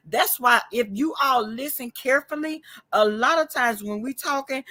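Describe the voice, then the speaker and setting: A woman's voice: fairly high pitch, moderate pace, bright, forceful tone, no echo. Blunt, profane woman. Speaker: vlog co-host. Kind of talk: casual chat.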